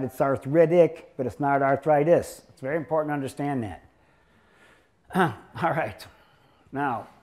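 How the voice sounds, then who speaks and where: A man giving a lecture to an audience as a doctor, telling patient stories in a rambling, joking way. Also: medium pitch. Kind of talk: anecdotal lecture to a live audience.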